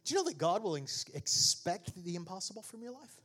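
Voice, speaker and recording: High-voiced preacher, casual to shouting. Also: male voice, sing-song, a little fast. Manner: swings from conversational asides to shouted preaching; jokey, laughs at own remarks. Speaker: pastor. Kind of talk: sermon.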